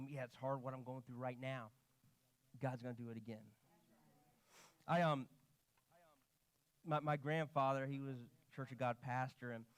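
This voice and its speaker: A man's voice: mid-range voice, clean tone. A man preaching in a church, telling stories with animation and quoting people in his own voice. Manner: animated storytelling, quoting himself and others. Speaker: pastor. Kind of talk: sermon. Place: church sanctuary.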